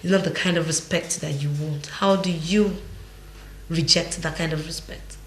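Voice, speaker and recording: A woman hosting a faith-based panel discussion, asking questions in a measured way. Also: sits low, fairly even intonation, slight background noise. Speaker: talk show host. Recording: echoey room.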